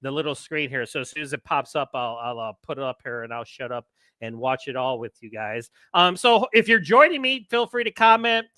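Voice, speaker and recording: A man hosting a live podcast stream, chatting casually and rambling excitedly with lots of fillers. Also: medium pitch, fairly quick, no room sound. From United States. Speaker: podcast host.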